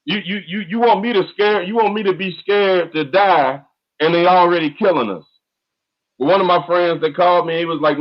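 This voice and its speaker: Brief: man, fervent and repetitive, pitched a bit high, muffled online-call audio. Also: brisk. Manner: fiery, repetitive, emphatic outbursts. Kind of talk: impassioned call-in talk.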